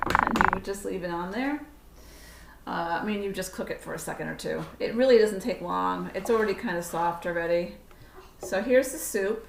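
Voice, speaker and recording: A woman's voice: medium pitch, a little hiss or hum. A woman giving a casual cooking demonstration in her home kitchen, chatty and self-correcting as she works. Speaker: cooking instructor. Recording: roomy kitchen sound from a distant camera mic.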